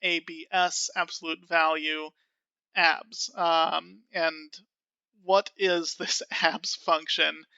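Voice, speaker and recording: A man talks through a coding tutorial in a relaxed, self-amused way, full of ums and uhs. His voice is fairly high and gravelly yet crisp, with a flat, even delivery. The recording is dry and a little dull. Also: takes it slowly, dry recording. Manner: casual and self-amused, many fillers. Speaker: programming tutor.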